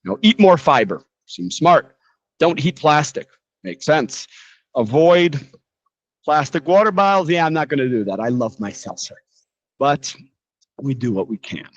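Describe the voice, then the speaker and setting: American male teacher, relaxed and chatty, slightly muffled lo-fi recording. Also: a little high, unhurried, long pauses, dry recording. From United States. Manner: relaxed, chatty explaining with frequent asides. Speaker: English teacher. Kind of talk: live English lesson. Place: living in Brazil, teaching from a quiet room.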